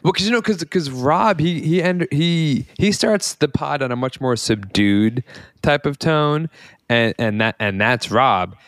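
A man hosting a casual podcast chat, excitable and rambling. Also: fairly high pitch, a little slow, no echo, clean studio sound. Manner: excitable, rambling, many fillers and restarts. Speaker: podcast host.

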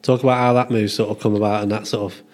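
Host, man, lowish voice, relaxed interviewer. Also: quick pace. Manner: easygoing, brief encouraging responses. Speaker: podcast host. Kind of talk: casual interview questions.

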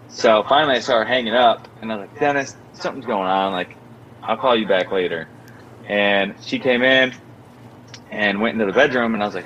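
A man's voice: a little fast, highs cut off, slight background noise. Young man telling a story, full of "like". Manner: animated storyteller, many filler "like"s, acts out quotes in a higher voice. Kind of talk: casual storytelling chat.

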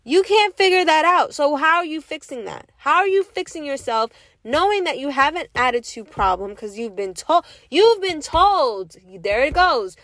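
Woman, high pitch, slow deliberate delivery, dry close sound; blunt opinion piece full of rhetorical questions. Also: animated, a bit bright, dry recording. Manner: emphatic, repeats rhetorical questions, curses. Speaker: vlogger giving opinions. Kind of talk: casual monologue.

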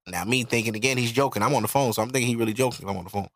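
A man's voice: medium pitch, very fast, hardly any pauses, a bit bright. A man in his thirties, a podcast host, telling a personal story in a blunt, profane, reflective way. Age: 30s. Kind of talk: casual storytelling.

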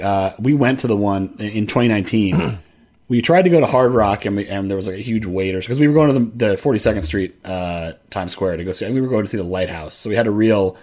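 Man, podcast co-host, lowish voice, rambling, filler-heavy casual chat. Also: a little mellow. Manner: rambling, many "like" fillers and restarts.

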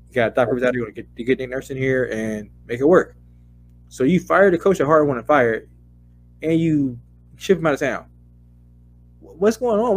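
A man co-hosting a casual sports podcast, heated and profane, his voice climbing into loud rants. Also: medium pitch. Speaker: podcast co-host.

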